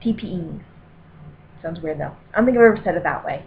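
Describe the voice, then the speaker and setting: A woman's voice: fairly low pitch, lively intonation, fairly quick, creaky. A woman from Colorado with a Denver accent, chatting casually to camera as she reads an accent-tag word list and makes rambling, self-deprecating asides. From Colorado, USA. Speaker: vlogger doing an accent tag. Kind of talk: casual reading and chat to camera. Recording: very tinny, lo-fi with faint hiss.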